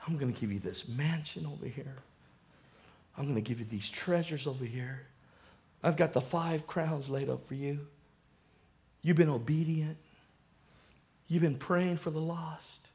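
A man voicing God, calm and gently approving, in a slow hushed way. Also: fairly high pitch, voice pushed down.

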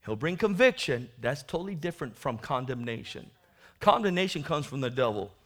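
Here the man speaks briskly and very animatedly at medium pitch, preaching a sermon in which he acts out the Bible story, lurching from quiet asides to big, elongated shouts for the congregation.

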